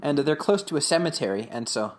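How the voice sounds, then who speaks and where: A man co-hosting a podcast, recapping an episode in casual chat, rambling with lots of fillers and slipping into quick voices for quotes. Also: on the high side, lively intonation, a little hiss or hum. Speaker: podcast co-host.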